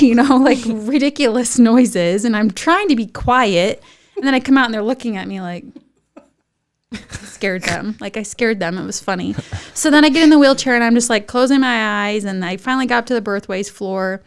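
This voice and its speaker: A young woman, a podcast guest telling a funny story in a lively, animated way and acting out other people's voices. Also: moderate pace. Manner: lively, acts out voices of others in high excited tones. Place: podcast studio.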